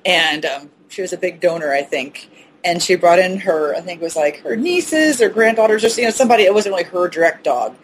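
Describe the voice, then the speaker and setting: A woman veterinarian co-hosting a podcast, telling animated stories in casual chat and laughing often. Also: on the low side, a little fast, slight background noise, low-quality recording. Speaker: veterinarian co-host.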